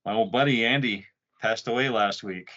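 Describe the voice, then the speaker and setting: A man's voice: fairly low pitch, normal speed, fairly bright tone, highs cut off. A man co-hosting a podcast, grieving a friend, telling rambling, profane stories in casual chat. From Utah. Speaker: podcast co-host.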